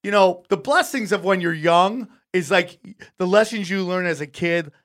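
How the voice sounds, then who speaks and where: A male comedian telling a long story in casual chat, animated and profane, acting out voices of the people in it. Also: sits high, moderate pace. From California. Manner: animated, profane, acts out voices in his stories. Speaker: comedian guest.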